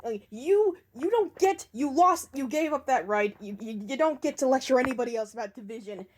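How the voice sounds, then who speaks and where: Brief: woman commentator on the high side, sarcastic and cutting, hesitant fillers between barbs. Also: expressive, brisk, slight background noise. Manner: sarcastic, profane, with frequent ums. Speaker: commentator responding to a video. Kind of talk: casual commentary rant.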